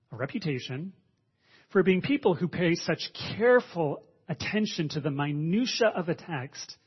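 A man's voice: fairly high pitch, husky, highs cut off. A man preaching a sermon in a conversational way, with frequent restarts and fillers.

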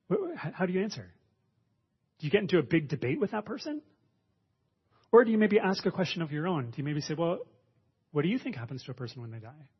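Man, sermon, conversational, husky, dull lo-fi recording. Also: on the high side. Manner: conversational, with frequent restarts and fillers. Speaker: preacher.

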